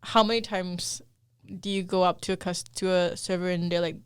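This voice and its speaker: A woman's voice: on the low side, moderate pace, smooth, dry recording, studio quality. Easygoing young woman in casual chat. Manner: relaxed, easygoing, many fillers. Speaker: podcast co-host.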